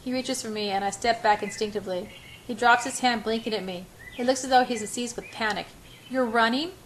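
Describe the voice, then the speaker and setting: An older woman reading a novel aloud as an amateur, unhurried, with small slips and restarts. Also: a little high, steady tone, a little hiss or hum, poor audio. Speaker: reader.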